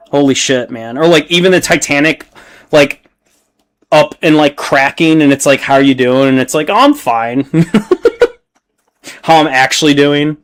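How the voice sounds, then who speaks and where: A man chatting casually on a livestream while painting, rambling and swearing freely as he reacts to his chat. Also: medium pitch.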